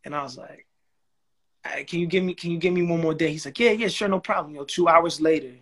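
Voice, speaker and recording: A young man tells his story as a guest, and his voice sits a little higher than most men's. He talks casually with lots of slang and quick restarts. He acts out the lines of people he quotes. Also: fairly bright tone. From New York.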